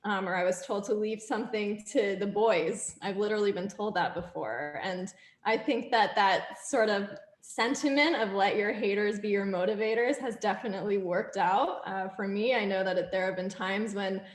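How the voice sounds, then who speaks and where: A woman's voice: mid-range voice, normal speed. A woman panelist on a video call, talking in an earnest, reflective way. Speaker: panelist, biomedical researcher. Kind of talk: casual panel talk. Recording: roomy webinar audio.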